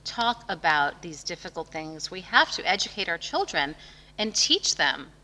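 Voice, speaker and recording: A woman's voice: lowish voice, sing-song, moderate pace, bright, forceful tone. A woman author being interviewed, talking with passion and emphasis, telling stories. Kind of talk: conversational interview. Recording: long reverb of a hall.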